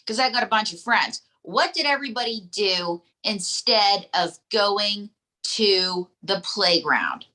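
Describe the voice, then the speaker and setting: A woman's voice: medium pitch, lively intonation, measured pace, bright, forceful tone. A woman doing a stand-up ventriloquism act at a live comedy show, chatty with lots of "um" and "okay".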